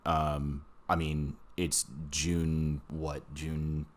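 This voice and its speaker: A man's voice: rumbling low, flat delivery, extremely slow. A man, a war veteran, telling his story in casual, profane podcast chat, blunt and often laughing.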